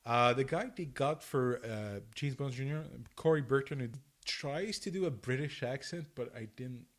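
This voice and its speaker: A man co-hosting a podcast, talking casually with frequent restarts. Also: mid-range voice. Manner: halting, many restarts, laughs easily. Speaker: podcast co-host. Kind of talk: casual chat.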